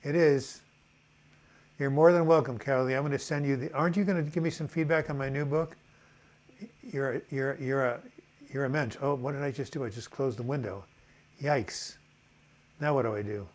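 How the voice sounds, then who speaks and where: A man's voice: medium pitch, fairly even intonation, normal speed, pauses often, a little mellow. An older man hosting a casual live video chat, reading out viewer comments in a loose, rambling way with many fillers.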